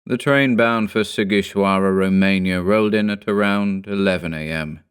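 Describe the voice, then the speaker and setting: A man with a low, smooth and resonant voice reads a horror tale aloud. His delivery is measured and somber, paced like scripted first-person storytelling. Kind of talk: scripted narration.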